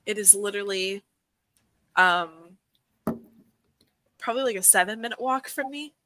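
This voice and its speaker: Bright chatty woman telling stories. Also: medium pitch, moderate pace, dry recording, low-quality recording. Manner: chatty storyteller, lots of fillers and laughs. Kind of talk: casual livestream chat.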